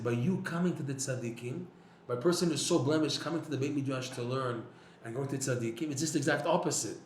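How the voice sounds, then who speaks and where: A man giving a lively Torah lecture, telling stories and acting out quotes with sudden emphatic bursts. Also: mid-range voice. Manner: storytelling, acts out quotes, rising emphatic bursts. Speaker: Torah teacher. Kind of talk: animated religious lecture. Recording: echoey room with faint noise.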